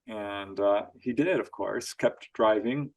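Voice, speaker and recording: A man guest on an interview show, telling strange stories in an animated way, laughing often and acting out quotes. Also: lowish voice, slow pace. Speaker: author guest. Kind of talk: storytelling interview.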